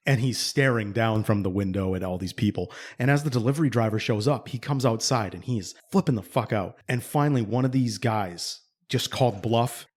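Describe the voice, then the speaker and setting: Rambling, profane male podcast storyteller. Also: medium pitch. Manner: rambling, profane, animated when quoting others. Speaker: podcast co-host. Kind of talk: casual storytelling chat.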